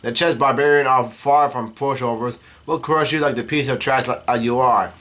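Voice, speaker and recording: A man reading the lines of a sneering male henchman in a flat voice. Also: mid-range voice, normal speed, lightly acted.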